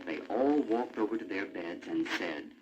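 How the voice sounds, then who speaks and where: A man narrating a storybook in an animated, expressive way. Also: sits low, normal speed. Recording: muffled old vinyl with music.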